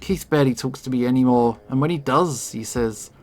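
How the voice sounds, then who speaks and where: A man voicing a distraught young female cat in a visual novel, shrill and cracking with tears. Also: brisk, a little mellow, lightly acted. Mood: desperate.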